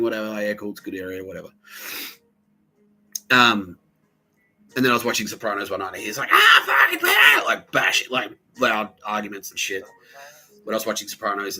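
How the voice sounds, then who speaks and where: A man's voice: fairly low pitch, pushed and bright, low-quality recording. An Australian man hosting a podcast, telling a rambling, crude story full of swearing and muttered asides. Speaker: podcast host. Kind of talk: rambling profane monologue.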